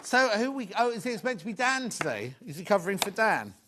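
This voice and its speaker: A man's voice: high-pitched, big pitch swings, fast, a bit bright, slight background noise. A middle-aged man hosting a live shopping show, chatting and rambling through jokey asides between prices. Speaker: shopping channel host. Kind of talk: live TV selling, casual chat.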